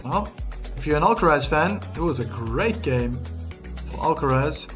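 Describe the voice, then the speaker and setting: A man giving live play-by-play tennis commentary on a stream, calm between points, livelier on big shots, reading viewer chat aloud. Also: on the high side, normal speed, faint music behind.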